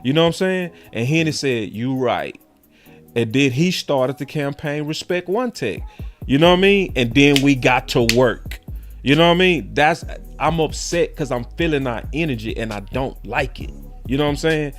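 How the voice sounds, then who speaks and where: A man's voice: on the high side, lively intonation, normal speed, soft background music. A man hosting a sports podcast, talking in a heated, slangy, repetitive way. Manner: fired-up, slangy, repeats himself. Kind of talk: heated casual sports talk.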